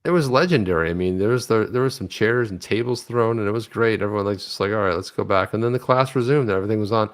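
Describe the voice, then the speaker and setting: A man co-hosting a casual livestream chat, animated, telling stories and reading tweets aloud. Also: lowish voice, fast talker, few pauses. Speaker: co-host of a crypto news livestream.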